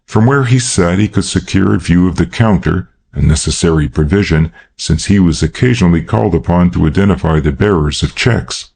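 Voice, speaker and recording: Deep-voiced male audiobook narrator. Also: a little fast, gravelly, hardly any pauses, darkish tone, slightly rough. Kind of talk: scripted narration.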